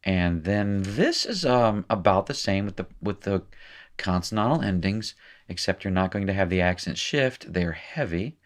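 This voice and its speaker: Man teaching a lesson, very low voice, casual and chatty, corrects himself on the fly. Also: expressive, normal speed. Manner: casual, thinks aloud with fillers and self-corrections. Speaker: language teacher. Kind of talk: recorded lecture at a whiteboard.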